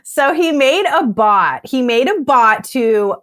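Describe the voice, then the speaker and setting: A young woman telling her own story in casual chat, animated, often acting out what she said back then. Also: sits high, takes it slowly, no echo, studio quality. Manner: animated, acts out her own past words.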